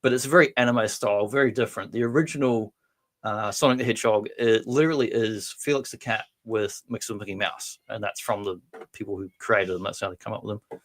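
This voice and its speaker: Casual Aussie guy hosting a toy live stream, lowish voice, rambling and chatty. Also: steady tone, brisk. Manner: rambling and chatty, answers viewer comments.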